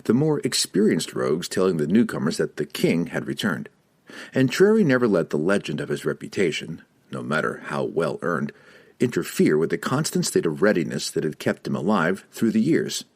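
Deep husky guy reading a fantasy audiobook, voice swings all over, dramatic. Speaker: audiobook narrator.

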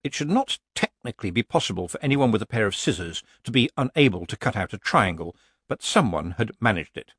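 Husky male storyteller, very lively pitch. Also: fairly quick, no echo, clean studio sound. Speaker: audiobook narrator. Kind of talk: storytelling narration.

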